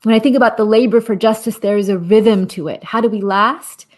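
A woman in her forties, a guest speaker and activist, tells a personal story with impassioned earnestness, repeating phrases in a rhythmic cadence and letting out soft laughs. Her mid-range voice is steady in tone and a little fast.

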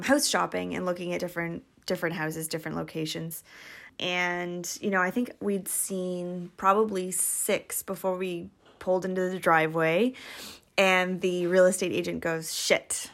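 Chatty, low-pitched woman telling a story. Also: fairly bright tone. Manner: chatty, rambling, many "like"s. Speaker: podcast guest. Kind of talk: casual storytelling.

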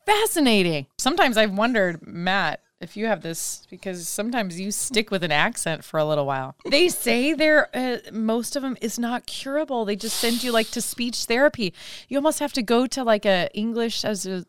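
A woman's voice: fairly high pitch, animated, moderate pace, smooth, dry recording. Chatty, curious woman co-host. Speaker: podcast co-host. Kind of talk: casual chat.

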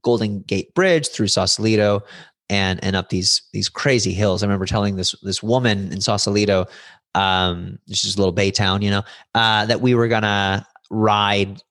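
Gravelly-voiced man telling stories. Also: normal speed, dry recording, clean studio sound. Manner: animated, with sudden high pitch leaps when excited; acts out other voices in his stories. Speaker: guest. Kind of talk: reflective storytelling conversation.

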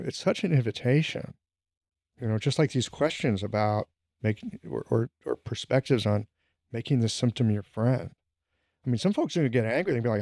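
A middle-aged man hosting a casual conversation, telling stories in an animated way. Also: mid-range voice, a little fast, creaky, dry recording, clean studio sound. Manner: animated storytelling.

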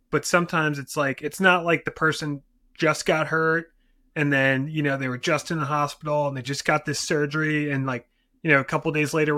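A man's voice: on the high side, bright, forceful tone, no room sound, studio quality. A man with a New Jersey accent, an injury lawyer co-hosting a podcast, talking in rambling casual chat full of fillers. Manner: rambling, filler-heavy, quick mimicry.

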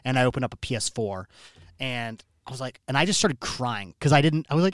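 A man's voice: mid-range voice, sing-song, fairly quick, clear, resonant tone, dry recording, clean studio sound. A man from Iowa hosting a podcast, telling rambling personal stories in casual chat with lots of restarts. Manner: rambling, storytelling with many restarts. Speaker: podcast host. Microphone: studio microphone.

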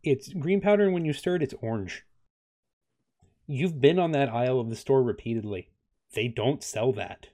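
Young male game master, mid pitch, halting narration full of fillers. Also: warm tone. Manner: hesitant, many ums and uhs.

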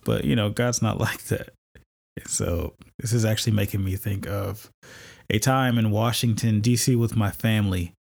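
A man's voice: fairly low pitch, fairly even intonation, normal speed, creaky, a little mellow. A married man with children who hosts a podcast, telling a personal faith story in a conversational, storytelling way with fillers and laughs. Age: adult, married with kids. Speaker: podcast host.

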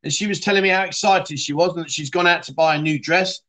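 A man's voice: high voice, quick pace, sharp tone. A man hosting a casual livestream, chatting, teasing viewers and laughing as he reads comments. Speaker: livestream host. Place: bar city in Thailand.

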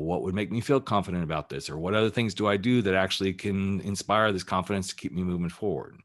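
A man who works as a life coach, giving a candid, emphatic motivational talk on his podcast and swearing casually as he goes. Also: sits low.

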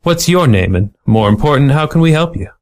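A man voicing a small, sardonic male ferret private eye with a hardboiled, fast-talking manner. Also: a little high, animated, a little mellow, pitched above the performer's own voice. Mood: wry.

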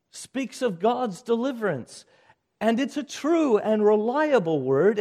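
High-voiced preaching pastor, man. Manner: urgent preaching, swinging from loud exhortation to hushed lines. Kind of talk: sermon.

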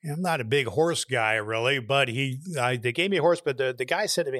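A man co-hosting a talk show, telling a long joke in a folksy, drawn-out way, now and then shouting the punchlines. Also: mid-range voice, dry recording, clean studio sound. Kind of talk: casual storytelling.

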